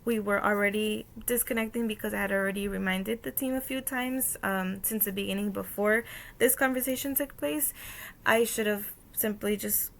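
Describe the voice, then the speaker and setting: A woman's voice: medium pitch, steady tone, normal speed, vocal fry, fairly bright tone. A young woman casually recounting a workplace conflict for a course assignment, with many "um" fillers and quoted dialogue. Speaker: student presenting a course activity. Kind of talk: casual spoken reflection.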